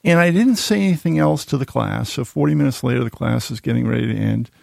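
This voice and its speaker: Gravelly man telling lively anecdotes. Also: mid-range voice, quick pace, dry recording. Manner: self-deprecating, animated anecdotes. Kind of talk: casual storytelling chat.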